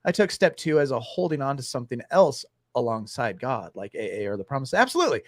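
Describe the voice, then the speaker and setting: A man's voice: medium pitch, big pitch swings, fast, no echo, clean studio sound. A man co-hosting a casual recovery livestream, jokey and encouraging. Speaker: recovery group co-host.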